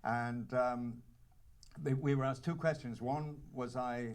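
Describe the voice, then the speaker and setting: A man from North Wales with a North Welsh accent, an actor telling anecdotes at a cinema Q&A in a halting, wry way full of restarts. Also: mid-range voice, fairly even intonation, clean tone. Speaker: actor at a screening Q&A. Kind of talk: casual anecdotal panel talk. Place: cinema auditorium with audience.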